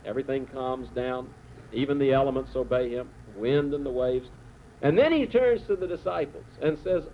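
A man preaching a sermon, telling the story dramatically with slow, emphatic phrases. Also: fairly high pitch, lively intonation. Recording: tinny phone-like sound with faint noise.

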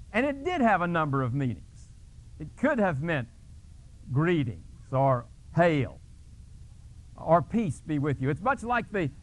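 A male pastor preaching a sermon, retelling a scripture scene dramatically and explaining a word, with restarts and fillers. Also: a bit bright. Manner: dramatic storytelling with sudden pitch jumps.

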